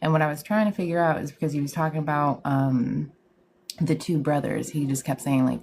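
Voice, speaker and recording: A woman's voice: deep voice, moderate pace, creaky, a little mellow, a little hiss or hum. A woman hosting a live stream as a psychic medium, chatting casually in slang, greeting viewers and laughing often. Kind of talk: casual livestream chat.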